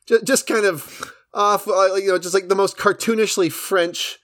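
A man co-hosting a podcast in casual chat, jokey and animated, quick to laugh. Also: sits high. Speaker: podcast co-host.

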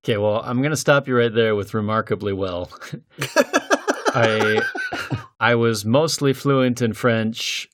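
A man hosting a podcast in casual chat, thoughtful and measured, laughing between points. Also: lowish voice. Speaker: podcast host.

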